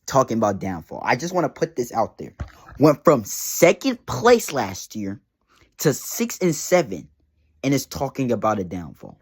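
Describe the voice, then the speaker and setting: A man's voice: medium pitch, big pitch swings, normal speed, breathy edge, no room sound. A young man managing a fantasy league team, delivering a heated, mocking rant full of repetition. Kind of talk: casual trash-talk rant.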